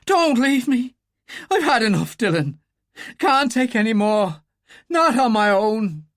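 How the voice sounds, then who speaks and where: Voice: medium pitch, very animated, a little fast, fairly bright tone, no echo, clean studio sound, voice pushed up. An audiobook narrator voicing a desperate young male informer who pleads near tears.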